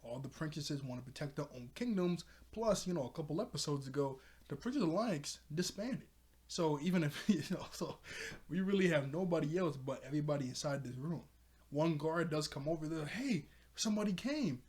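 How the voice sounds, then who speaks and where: A man with a somewhat raised pitch recaps a cartoon episode in a loose, conversational way. He peppers his speech with "like" and breaks into laughter now and then. His delivery is casual and unscripted. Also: fairly quick, a little mellow. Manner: chatty, laughs often, fills with "like". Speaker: TV episode reviewer.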